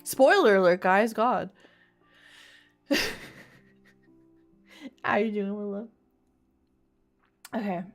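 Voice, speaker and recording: A woman's voice: mid-range voice, drawn-out words, pauses often, soft background music. A young woman streamer reading bad fanfiction aloud in a casual, mocking way, laughing often and swearing freely.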